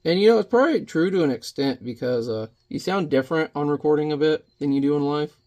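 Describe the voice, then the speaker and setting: A man's voice: on the high side, fast, darkish tone. A man chatting casually while he paints in watercolor, rambling and muttering to himself as he works.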